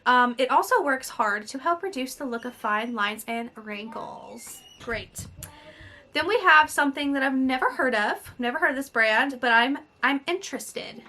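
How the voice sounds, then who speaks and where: Beauty vlogger, woman of thirty, chatty review style, crisp bright tone. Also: high voice, lively intonation, moderate pace. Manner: chatty, reads product blurbs aloud with asides. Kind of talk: casual product review.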